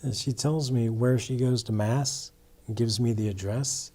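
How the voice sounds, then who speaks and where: Husky-voiced man telling his story. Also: medium pitch, steady tone, a little slow, warm tone. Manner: earnest, with frequent restarts and "you know". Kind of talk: storytelling testimony interview.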